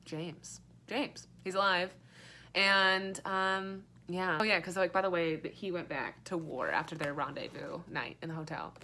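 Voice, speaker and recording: A woman's voice: lowish voice, normal speed, bright, forceful tone, a little hiss or hum. A young woman giving a casual, rambling book review, sarcastic and full of fillers and swearing.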